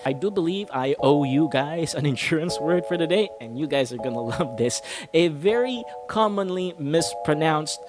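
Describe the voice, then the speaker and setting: A man's voice: a little high, animated, normal speed, over music. A man, hosting a casual, playful explainer and laughing now and then as he teaches. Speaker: insurance explainer host. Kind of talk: casual educational talk to camera.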